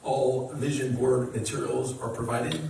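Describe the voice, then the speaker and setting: A man reading church announcements at a measured, scripted pace. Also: medium pitch, flat delivery, creaky, noisy background. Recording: very echoey hall from far off.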